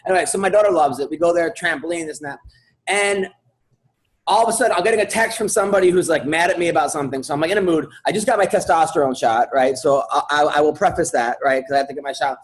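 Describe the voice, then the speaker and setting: A man's voice: a little high, quick pace, rough recording. A man hosting a comedy podcast, telling a long story in casual chat with lots of restarts and filler words.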